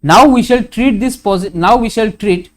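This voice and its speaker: Indian English teacher, slow and repetitive. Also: male voice, high-pitched. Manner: slow, repetitive, asks questions and answers them. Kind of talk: classroom grammar lesson.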